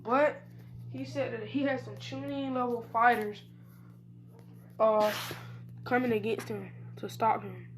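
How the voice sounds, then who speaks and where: A slightly high-pitched woman tells a made-up story in an offhand, slangy way. She rambles, restarts her sentences and corrects herself as she goes, with a faint hum behind her. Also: steady tone, a little slow, pauses often. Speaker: YouTube storyteller. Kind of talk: casual fan-story retelling.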